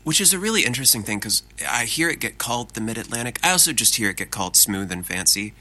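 A man, a voice actor chatting casually as an interview guest, animated and self-deprecating. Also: mid-range voice, fast, poor audio.

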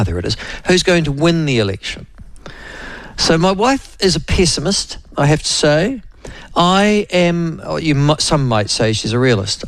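Kiwi radio host man, rambly and wry, bit high, gravelly. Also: no echo, poor audio. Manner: rambling, wry, jokey asides with put-on quoted voices. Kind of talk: casual on-air monologue. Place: radio studio.

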